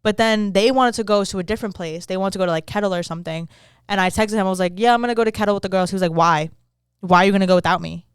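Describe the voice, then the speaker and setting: A woman's voice: mid-range voice, racing, clean tone, no room sound, clean studio sound. A woman co-hosting a podcast, chatting in a laid-back way and recounting conversations, laughing often. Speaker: podcast co-host. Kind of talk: casual chat.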